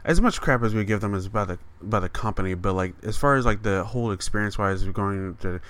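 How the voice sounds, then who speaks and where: A man with a fairly low voice and a smooth, resonant tone, chatting casually. He rambles a bit and repeats words while he hunts for his point. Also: fast, fairly bright tone. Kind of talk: casual chat.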